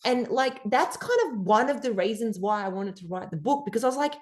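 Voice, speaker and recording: Brief: Australian woman guest, rambling and animated, a slightly high voice. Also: fairly quick, hardly any pauses. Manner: animated, rambling, many fillers. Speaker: podcast guest. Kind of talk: casual interview storytelling.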